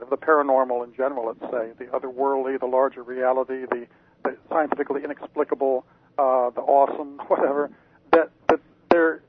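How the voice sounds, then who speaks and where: A man, a parapsychologist guest on a radio interview, explaining slowly with many fillers and restarts over a phone line. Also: mid-range voice, husky. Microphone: phone call-in. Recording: tinny phone line, dry.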